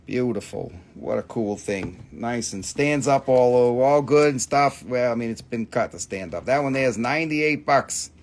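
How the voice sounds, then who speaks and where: A man's voice: mid-range voice, animated, moderate pace, hardly any pauses, a little hiss or hum. A middle-aged man with an Appalachian accent hosts a casual live sales stream, talking loosely about his stones, swearing freely and reading out prices and buyer numbers. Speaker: live-stream crystal seller.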